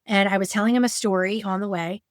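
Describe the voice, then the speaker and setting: A woman's voice: medium pitch, fairly even intonation, fast talker, no echo, studio quality. A woman coach teaching about couples work after betrayal, talking in a conversational way with fillers and acted-out quotes. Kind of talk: educational talk with personal examples.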